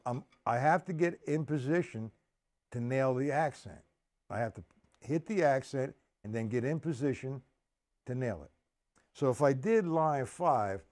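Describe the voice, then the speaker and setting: A man's voice: mid-range voice, a little mellow. A man teaching a drum lesson on a live stream, counting the beats aloud and explaining each stroke step by step.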